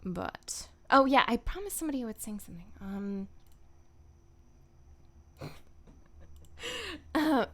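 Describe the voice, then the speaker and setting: Young woman voice-actor streamer, giggly, chatty and self-deprecating, a bit high-pitched, unhurried. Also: sing-song. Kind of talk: casual livestream chat. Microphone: streaming microphone.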